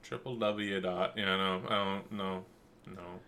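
A man co-hosting a casual podcast chat, crude and jokey, with sudden loud bursts of silly voices. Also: low voice, level tone, takes it slowly. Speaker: podcast co-host.

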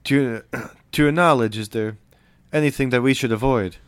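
A man voicing a dutiful high-ranking male officer aboard a ship, speaking formally, in a tabletop game. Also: normal speed, smooth, no echo, lightly acted.

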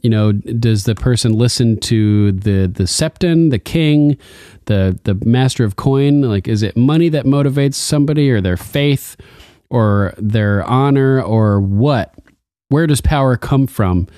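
A man's voice: mid-range voice, a little slow, warm tone, no echo, studio quality. A man co-hosting a casual TV recap podcast, laid-back and joking, chuckling often. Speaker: podcast co-host.

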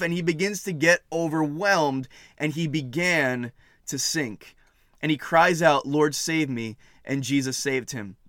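Earnest preacher man, bright-pitched. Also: no room sound, studio quality. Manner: earnest, repetitive, building emphasis. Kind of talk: sermon.

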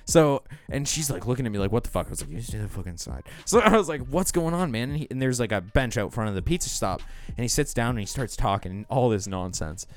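A man co-hosting a podcast, telling stories in casual chat, swearing often and laughing as he acts out what people said. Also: mid-range voice. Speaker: podcast co-host.

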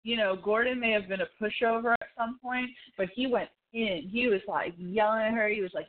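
Excitable woman on a tinny line. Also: mid-range voice, brisk, hardly any pauses. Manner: excitable, swearing, laughing asides. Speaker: podcast co-host. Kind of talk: casual TV recap chat.

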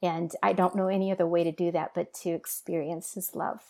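A middle-aged woman sharing an emotional personal testimony in an earnest, halting way with many pauses and fillers. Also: on the low side, flat delivery, a little mellow. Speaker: guest sharing her testimony.

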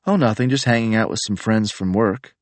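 A man voicing a sweet, casual young woman talking on the phone with a lightly raised, soft voice. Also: on the low side, a little fast, no echo, voice pushed up, natural voice. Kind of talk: audiobook character voice.

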